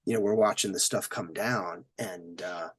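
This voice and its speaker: A man's voice: low-pitched, normal speed. A middle-aged man, a military veteran, telling stories as a podcast guest, acting out quotes and sound effects and swearing freely. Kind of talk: storytelling in a podcast interview.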